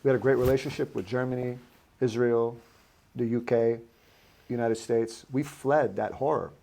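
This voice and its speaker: A man hosting an interview in a casual way, with halting starts and fillers like "you know". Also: mid-range voice, fairly even intonation, gravelly, dark tone. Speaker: host.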